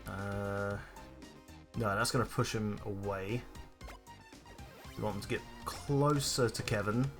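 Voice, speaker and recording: A young man talks over his gameplay in a loose, muttering way, often dropping to a low aside. He takes his time, and his pitch sits right in the middle. Soft music plays faintly behind him. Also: steady tone, takes it slowly, long pauses. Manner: muttering asides, chuckling at the game. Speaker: let's play host. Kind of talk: casual gameplay commentary.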